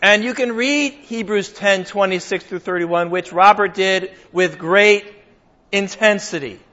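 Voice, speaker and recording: High-voiced older pastor preaching. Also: male voice, a little slow, bright, forceful tone. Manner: conversational, emphatic, jokes with the congregation. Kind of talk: sermon. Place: church hall with a congregation. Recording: dull lo-fi sound.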